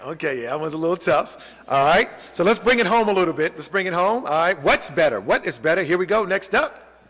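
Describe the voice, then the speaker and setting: A middle-aged man from New York City lectures with energy and keeps drawing in his audience. His voice sits a little high for a man. It rings with a long reverb, as from a big hall. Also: brisk. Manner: energetic, audience-engaging, frequent "okay?" and "right?" check-ins. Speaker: college professor leading a bias training. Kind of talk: interactive training lecture. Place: large hall with a live audience.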